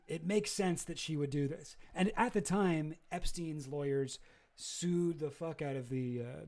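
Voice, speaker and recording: A man's voice: on the high side, darkish tone. A man streaming casual commentary, rambling and hesitant, swearing freely.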